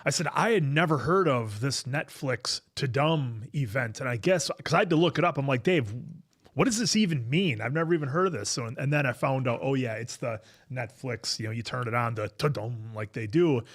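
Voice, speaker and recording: A man's voice: mid-range voice, lively intonation, fairly quick. A man co-hosting a podcast, chatting casually in a rambling way and reading viewer messages aloud. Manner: rambling, reads viewer super chats aloud. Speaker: podcast co-host. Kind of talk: casual chat.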